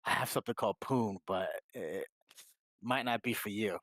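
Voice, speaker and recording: A man's voice: lowish voice, normal speed, fairly bright tone, dry recording, close to an everyday voice. Shady grinning barkeep with sly sales patter, voiced by a man, dry close sound. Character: shady grinning male tavern bartender.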